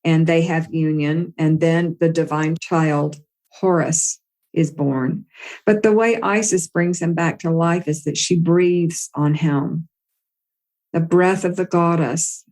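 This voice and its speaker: A woman with a notably low voice retells an old myth for a spiritual talk. Her delivery is gentle and unhurried, with the flow of a storyteller. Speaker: spiritual teacher.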